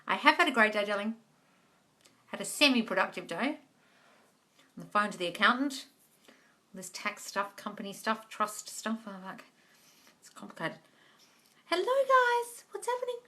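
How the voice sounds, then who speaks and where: A woman's voice: medium pitch, normal speed, pauses often, pushed and bright. A woman hosting a live question-and-answer stream, chatting casually, reading out comments and calling viewers darling. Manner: chatty, calls everyone darling. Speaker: manifesting coach hosting a live Q&A.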